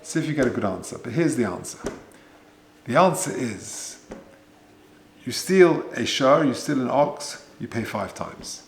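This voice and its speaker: A man's voice: medium pitch, animated, unhurried, a little hiss or hum. A man, a rabbi giving a Torah lecture, conversational, with Hebrew and Yiddish terms and rhetorical questions. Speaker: rabbi teaching a weekly Torah class. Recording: echoey room.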